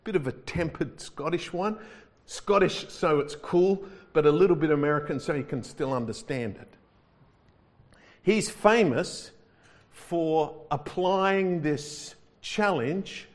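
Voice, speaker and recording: A man's voice: fairly high pitch, expressive, a little slow. A male pastor preaching a sermon in a conversational, wry manner, stretching words for emphasis.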